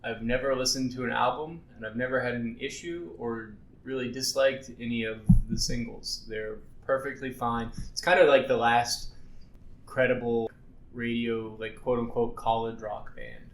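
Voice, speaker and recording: A man's voice: mid-range voice, steady tone, normal speed. Rambling man in a roomy echo. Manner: rambling, many "like"s, music talk. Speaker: podcast co-host. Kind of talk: casual chat.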